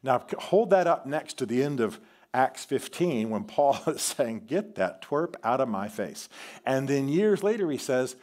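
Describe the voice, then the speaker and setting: A man preaching a sermon in a church, telling a story with animation and swinging from loud declarations to quiet asides. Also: medium pitch, very animated, unhurried. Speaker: guest preacher. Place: church sanctuary.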